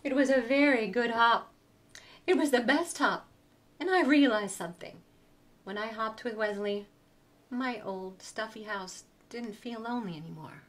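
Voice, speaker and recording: A woman museum educator reading a picture book aloud to young children in an expressive, sing-song way. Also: on the high side, normal speed.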